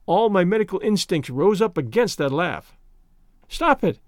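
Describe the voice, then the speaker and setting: Expressive male audiobook narrator. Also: sits high, dry recording, clean studio sound. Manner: measured, expressive storytelling. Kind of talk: audiobook reading of a classic story.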